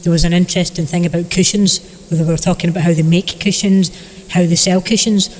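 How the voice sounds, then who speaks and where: A man's voice: high-pitched, flat delivery, fast, darkish tone, big-room sound. Man rambling through a comic tale. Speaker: storyteller.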